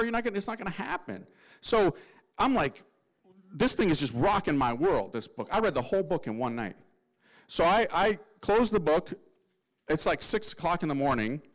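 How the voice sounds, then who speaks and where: A male priest telling his story with humor and slang, and he mimics the people in it. His voice sits a little higher than most men's. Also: rough recording. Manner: lively, slangy, acts out voices. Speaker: Catholic priest.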